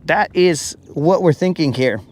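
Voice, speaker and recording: A man hosting a live fishing broadcast from his boat out on a lake, talking in a loose, joking, slang-filled ramble. His voice sits a bit higher than most men's. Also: expressive, measured pace, darkish tone. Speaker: fishing livestream host. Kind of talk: casual chat.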